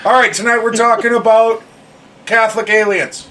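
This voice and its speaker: Blunt, high-voiced woman co-host. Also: steady tone, moderate pace, noisy background. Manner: blunt and profane. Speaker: podcast co-host. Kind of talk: casual podcast banter.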